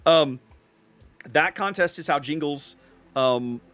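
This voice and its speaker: A man's voice: on the high side, takes it slowly, a bit bright. A man streaming a game, chatting casually with his viewers in a rambling, self-interrupting way. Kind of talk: casual gameplay commentary with chat.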